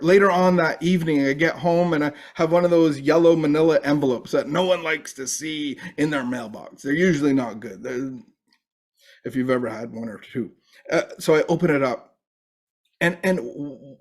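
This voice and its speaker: A middle-aged man giving a personal recovery testimony, halting and full of restarts and fillers. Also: on the high side, a little mellow. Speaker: recovery speaker.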